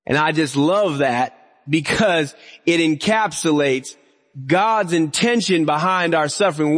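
A man's voice: fairly high pitch, slightly rough. A man preaching a sermon, earnest and building to emphatic raised lines. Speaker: pastor. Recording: long reverb of a hall.

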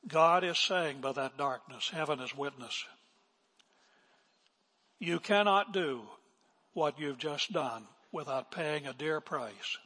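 An older man preaching a sermon as pastor, swinging from emphatic declarations to hushed asides. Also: mid-range voice, husky. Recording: long reverb of a large hall.

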